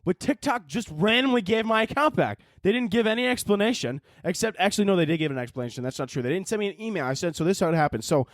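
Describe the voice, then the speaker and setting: A young man talks fast and loose on his podcast. He rambles, swears and jokes his way through a casual monologue. His voice sits a bit high and sounds dry and close to the mic. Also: animated, no room sound. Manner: rambling, profane, jokey. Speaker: podcast host.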